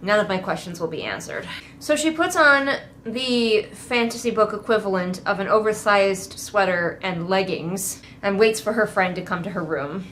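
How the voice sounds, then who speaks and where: A woman's voice: mid-range voice, normal speed, a bit bright, a little hiss or hum. A woman giving a casual, sarcastic book critique, swearing freely and mocking the characters. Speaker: book reviewer.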